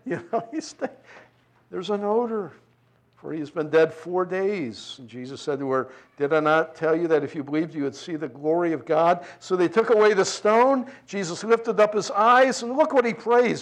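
Guy preaching, fairly high voice, gets big then goes real soft, chuckles at his own asides. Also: normal speed. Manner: expressive, swings from loud emphasis to hushed tenderness; conversational asides with light chuckles. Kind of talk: sermon, reading and explaining scripture.

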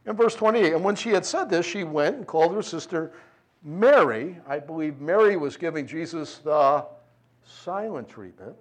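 Guy preaching, fairly high voice, gets big then goes real soft, chuckles at his own asides. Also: moderate pace. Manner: expressive, swings from loud emphasis to hushed tenderness; conversational asides with light chuckles. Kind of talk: sermon, reading and explaining scripture.

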